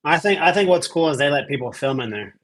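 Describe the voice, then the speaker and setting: A man's voice: fairly high pitch, lively intonation, quick pace, background noise. A man co-hosting a betting podcast in casual chat, hesitant and trailing off with many fillers. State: recovering from illness.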